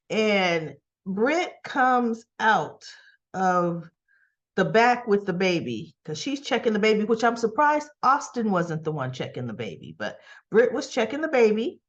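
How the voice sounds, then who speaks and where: A fairly high-voiced woman tells a soap opera recap with a voice that rises and falls all over the place. She slips into the characters' lines as she goes and laughs at what she finds ridiculous. The recording sounds a bit muffled and lo-fi. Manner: animated storyteller, acts out characters' lines; laughs often, teasing and incredulous. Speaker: soap opera review vlogger. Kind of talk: casual recap and commentary.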